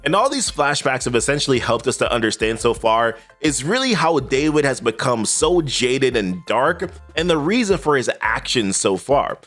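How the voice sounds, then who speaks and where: Animated male comic book recapper. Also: mid-range voice, normal speed, few pauses, soft background music. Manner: conversational, often breaks in with "he's like". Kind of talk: casual story recap.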